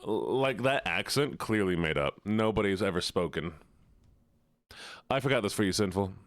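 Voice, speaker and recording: A man's voice: lowish voice, lively intonation, normal speed, fairly bright tone, no room sound. A man streaming live, chatting casually with his audience in a playful, teasing way full of mock outrage.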